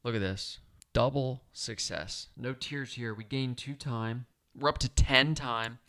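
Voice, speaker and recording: A man's voice: mid-range voice, measured pace, sharp tone, no echo, clean studio sound. A man talking himself through a solo board game playthrough, chatty and upbeat as he explains each move.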